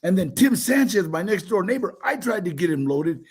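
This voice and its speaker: An older man telling his own life stories in a casual interview, animated, with many restarts and acted-out quotes. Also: high voice, normal speed, breathy edge. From United States.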